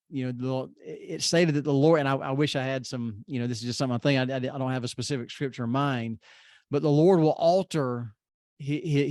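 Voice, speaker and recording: A man's voice: mid-range voice, darkish tone, no echo, clean studio sound. A man co-hosting a casual scripture discussion, talking hesitantly with many fillers. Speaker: podcast co-host.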